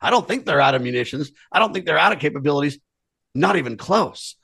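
A man's voice: fairly high pitch, expressive, fast, vocal fry, a bit bright, husky, no echo. A man co-hosting a political talk show, speaking earnestly and emphatically and addressing listeners directly. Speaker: co-host. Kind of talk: political commentary chat.

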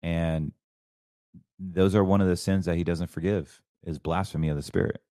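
Male show host, lower voice, fervent and preachy, dry recording. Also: fairly even intonation, normal speed, mellow, no room sound. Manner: fervent, preachy, rambling with restarts. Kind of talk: casual financial commentary.

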